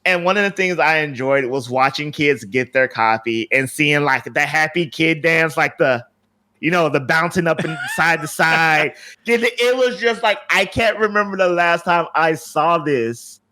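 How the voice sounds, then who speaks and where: Male podcast co-host, rather high and bright, rambling storyteller. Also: moderate pace. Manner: rambling storyteller, many fillers and restarts. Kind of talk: casual podcast chat.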